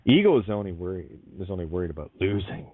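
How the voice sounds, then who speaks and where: A man's voice: low-pitched, sing-song, quick pace, no echo. A man hosting an internet radio show, talking bluntly with swearing, laughing and restarting as he goes. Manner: blunt, profane, emphatic. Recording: tinny phone-like sound, dry.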